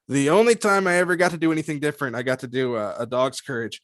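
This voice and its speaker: Man, voice actor guest, animated, laughs a lot, very dry close sound. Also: mid-range voice, quick pace, no echo. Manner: animated, laughs often, slips into character voices. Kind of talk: casual interview chat.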